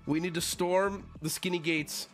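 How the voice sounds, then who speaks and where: A man in his thirties ranting to his stream chat, exasperated and loud, mocking people in whiny voices. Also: high voice, steady tone, unhurried, faint music behind.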